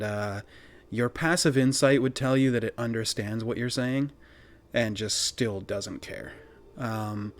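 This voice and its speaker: A man running a tabletop game as game master, narrating scenes in a relaxed, descriptive way with casual fillers. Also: mid-range voice, slight background noise.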